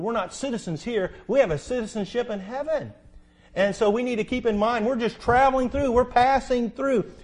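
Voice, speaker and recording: A man preaching a sermon as pastor, asking rhetorical questions, repeating key phrases and reading scripture slowly. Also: high voice, a little mellow. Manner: quotes scripture slowly and deliberately. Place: church sanctuary.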